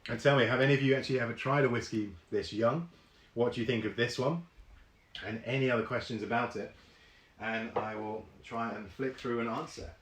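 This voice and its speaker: A man's voice: medium pitch, fairly even intonation, brisk, fairly bright tone, reverberant. A man hosting a live online whisky tasting, chatting casually with many ums and reading viewer comments aloud.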